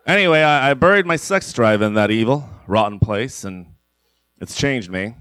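A man voicing a lonely older man who rambles and stammers in halting bursts. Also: mid-range voice, lively intonation, a bit bright, no room sound, close to an everyday voice. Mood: rambling. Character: lonely old man with a cursed libido.

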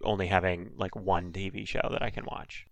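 A man's voice: low voice, little pitch movement, moderate pace, vocal fry, no echo. A man co-hosting a podcast in casual chat, rambling with fillers and swearing. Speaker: podcast co-host.

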